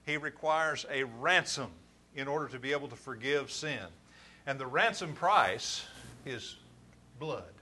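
Emphatic preacher with bright voice. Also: male voice, medium pitch, lively intonation, measured pace. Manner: emphatic, rising to forceful stresses. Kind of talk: sermon.

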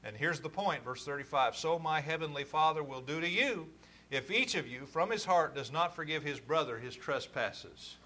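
A man preaching a sermon, his voice bright and forceful with a slightly high pitch. He drives home each point with firm, emphatic stresses. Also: expressive, moderate pace.

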